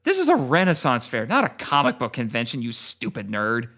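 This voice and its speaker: A man's voice: mid-range voice, wildly swooping pitch, a little fast, pitched below the performer's own voice, heavily acted. A man voicing an exasperated young accountant. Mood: scornful. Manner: shouting, exasperated.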